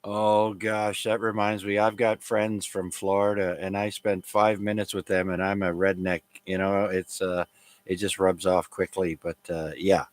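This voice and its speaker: A man hosting a casual amateur radio net, chatty and relaxed with many fillers. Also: low-pitched, a little slow, no echo.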